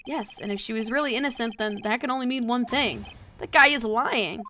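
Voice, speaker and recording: A woman voicing a confident young male defense lawyer who speaks quietly and steadily. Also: a little high, a little fast, a little hiss or hum. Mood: calm.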